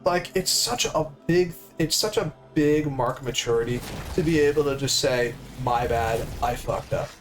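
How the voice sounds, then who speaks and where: A man's voice: mid-range voice, moderate pace, hardly any pauses, faint music behind. A young adult man streaming, casually telling stories with lots of swearing and acting out the people he quotes. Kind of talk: casual storytelling.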